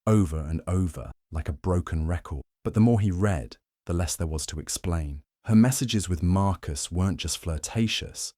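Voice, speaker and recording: A man reading a scripted first-person story in an even, measured way. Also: low voice, dry recording, clean studio sound. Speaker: story narrator.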